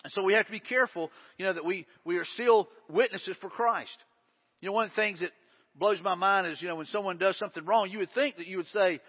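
High-voiced man preaching in a hall. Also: fast talker, breathy edge. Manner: earnest, repeats words when building a point. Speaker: pastor. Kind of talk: sermon. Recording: dull audio with long hall reverb.

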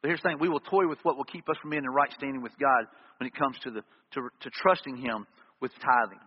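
A man's voice: mid-range voice, fairly even intonation, fast talker, husky. A man preaching a sermon as pastor, earnestly driving points home with repeated emphatic refrains. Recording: reverberant hall, dull lo-fi sound.

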